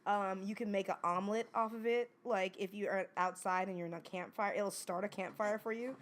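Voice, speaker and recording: A woman's voice: medium pitch, steady tone, background noise. A young woman co-hosts a podcast with a mid-range voice. She talks in easy, joking banter and laughs readily. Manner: wry, joking, quick to laugh. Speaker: podcast co-host. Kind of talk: casual chat.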